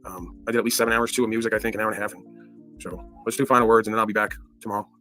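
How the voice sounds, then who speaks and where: A man's voice: fairly low pitch, fairly even intonation, very fast, sharp tone, soft background music. A man hosting an online podcast panel, ranting in a profane, casual way. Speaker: podcast host. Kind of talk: casual call-in panel talk.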